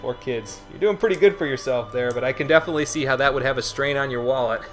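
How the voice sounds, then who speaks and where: Chatty bright-voiced male streamer. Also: medium pitch, fast, soft background music. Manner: chatty, responds to chat, repeats words. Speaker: livestream host. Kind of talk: casual gaming livestream chat.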